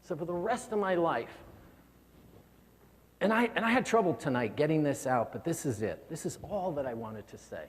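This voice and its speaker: A man's voice: on the high side, animated, normal speed. A man giving a motivational keynote speech, earnest and prone to repeating words when stirred. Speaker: keynote speaker. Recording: long hall reverb.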